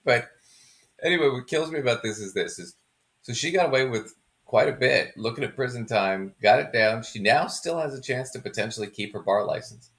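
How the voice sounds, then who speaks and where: A man's voice: medium pitch, animated, brisk, fairly bright tone. A man hosting a podcast in a casual, joking chat, laughing often as he talks. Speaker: podcast host.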